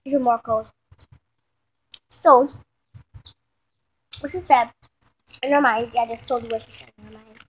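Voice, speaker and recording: A woman's voice: on the high side, fairly even intonation, a little slow, pauses often, husky. A woman telling an improvised story in a rambling way, often restarting and correcting herself.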